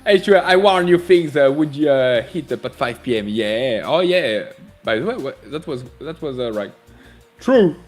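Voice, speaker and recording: A man's voice: mid-range voice, expressive, a little slow, soft background music. A man hosting a live trading stream, reading out chat and laughing often. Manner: playful, laughs often, reads chat messages aloud.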